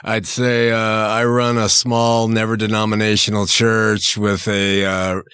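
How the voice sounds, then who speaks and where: Low-voiced candid man from Southern California. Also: a little slow, smooth, no room sound, studio quality. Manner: candid, relaxed, laughs easily. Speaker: guest, pastor of a small church. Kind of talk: casual interview talk. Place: studio.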